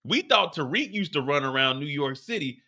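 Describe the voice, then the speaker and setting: A man casually recapping a TV episode, animated and profane, acting out the characters' lines as he goes. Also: on the high side, moderate pace. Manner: animated, profane storytelling with acted-out quotes. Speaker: show recap host.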